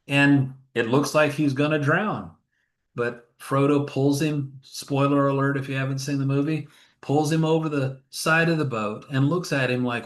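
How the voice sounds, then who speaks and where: A man's voice: medium pitch, fairly even intonation, normal speed. A man, a grief counselor being interviewed, telling stories in an earnest, emotional way. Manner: earnest, emotional, retells scenes with acted quotes. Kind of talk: storytelling interview talk. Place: funeral home.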